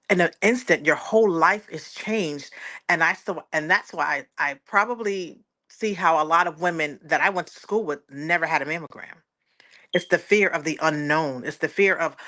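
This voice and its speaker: A woman in her 40s, appearing as a guest, gives an earnest personal testimony, repeating words and often quoting other people aloud. Her voice sits lowish and carries a sharp tone.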